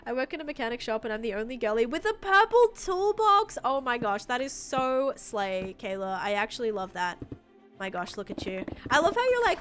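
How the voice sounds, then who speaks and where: Woman streamer, bubbly and chatty, talks over clear game music. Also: on the high side, very animated, moderate pace, fairly bright tone. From United States. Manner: bubbly, chatty, reads out chat comments. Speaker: livestreamer. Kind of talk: casual live-stream chat while gaming.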